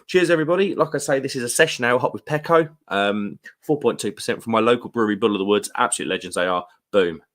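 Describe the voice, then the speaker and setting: A man with a British accent hosting a casual live stream, chatty and rambling, with quick laughs and slangy asides. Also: mid-range voice, fairly bright tone. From United Kingdom. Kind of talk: casual live stream chat, reading viewer comments. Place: room at home.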